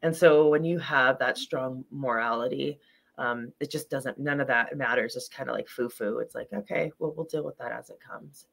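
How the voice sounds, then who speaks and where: A woman's voice: rumbling low, normal speed, vocal fry, a bit bright. A middle-aged woman, a guest on a video-call talk show, telling stories earnestly and acting out quoted lines. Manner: earnest, storytelling, acts out quotes. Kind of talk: casual interview chat.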